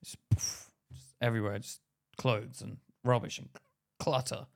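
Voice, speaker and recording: A young man, co-hosting a casual podcast and telling stories in an animated way. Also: medium pitch, a little slow, gravelly. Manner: animated storyteller, acts out voices loudly. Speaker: podcast co-host. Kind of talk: casual chat.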